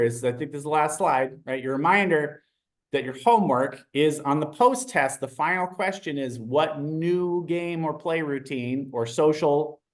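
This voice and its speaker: A man leading a live online training, animated and chatty, often asking the audience questions. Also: on the high side.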